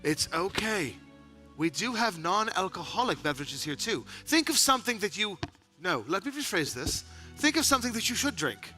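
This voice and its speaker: A man narrating as game master of a live tabletop game, animated and quick to laugh. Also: high-pitched, soft background music.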